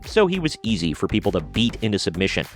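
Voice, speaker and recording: A man's voice: lowish voice, sing-song, quick pace, over music. A man hosting a commentary video, reading out news articles and adding blunt, sarcastic remarks of his own. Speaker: commentary channel host.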